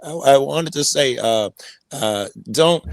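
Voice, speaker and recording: Blunt gravelly-voiced man panelist. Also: mid-range voice, takes it slowly, no room sound. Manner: blunt, mocking, interrupts. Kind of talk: heated panel debate.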